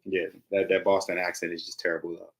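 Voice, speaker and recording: Low-voiced, easygoing podcast co-host. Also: male voice, fairly quick. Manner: relaxed, hesitant, heavy on fillers. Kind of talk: casual chat.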